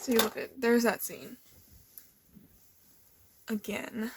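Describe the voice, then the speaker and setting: A woman's voice: fairly high pitch, slow pace, background noise. A young woman casually rambling as she flips through her old sketchbooks, nervous and full of fillers. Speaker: artist showing old sketchbooks.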